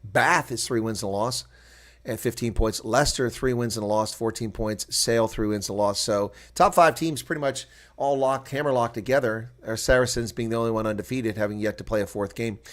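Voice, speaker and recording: A man calling a rugby match live on his own stream, muttering while he checks scores and growing loud and heated when play picks up or a referee call goes against his side. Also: lowish voice, brisk. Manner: gets loud and excited during play, argues with referee calls. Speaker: live reaction commentator.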